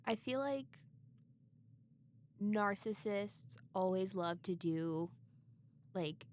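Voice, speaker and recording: Chatty young woman, quick reactions. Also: medium pitch, expressive, darkish tone, a little hiss or hum. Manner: supportive listener, quick shocked reactions. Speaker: podcast co-host. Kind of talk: casual chat.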